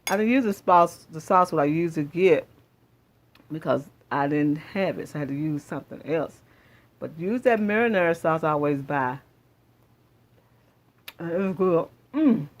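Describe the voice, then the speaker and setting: A woman with a somewhat low voice hosts her own cooking channel from her home kitchen. She talks to her viewers in a relaxed, chatty way and keeps repeating her praise as she works. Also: normal speed. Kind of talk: casual cooking demonstration.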